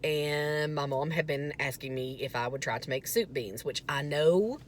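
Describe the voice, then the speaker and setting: A woman's voice: low-pitched, normal speed, a little hiss or hum. A young woman from the American South, telling a chatty, self-mocking vlog story that turns earnest. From Southern United States. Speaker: vlogger.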